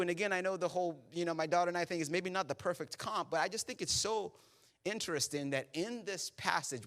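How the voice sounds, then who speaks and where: Preaching from a church auditorium, this pastor has a high voice. He keeps the sermon's story conversational and lively, voicing its characters and engaging the crowd directly.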